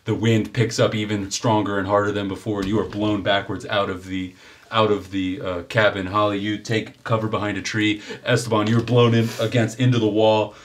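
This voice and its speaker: Guy gm narrating a tabletop game, lowish voice, lots of vivid detail, keeps laughing at his own stuff. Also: flat delivery, normal speed. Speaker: game master.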